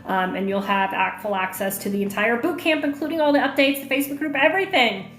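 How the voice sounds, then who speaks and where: Talking fast, this woman's fairly high, slightly bright voice fills an echoey room with faint music as she hosts a livestream. As an online marketing coach, she reads out viewer comments and answers questions casually, using lots of fillers.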